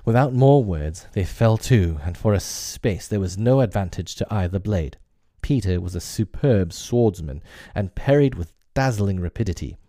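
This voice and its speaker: A man with a very low, mellow voice reads a classic story aloud. His narration is measured and expressive, recorded dry and close with no room sound. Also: dry recording.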